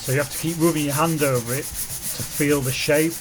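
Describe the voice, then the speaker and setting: A man narrating his own car bodywork video as a voice-over, in a nervous, monotone way with frequent ums. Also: fairly high pitch, fairly quick, noisy background. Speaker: car body repairer.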